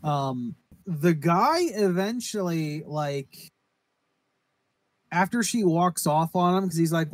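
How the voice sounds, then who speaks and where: The recording is dry, and the man speaks at a measured pace in a voice on the high side. Co-hosting a casual podcast, he rambles and curses through a horror anime recap, playing out its quotes.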